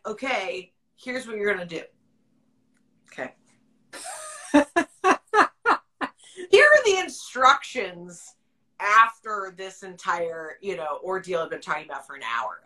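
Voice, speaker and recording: A woman's voice: medium pitch, lively intonation, slow, long pauses, bright, forceful tone, poor audio. A woman hosting a podcast, telling a story in a casual, candid way, swearing freely, laughing often and acting out the people she quotes. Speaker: podcast host.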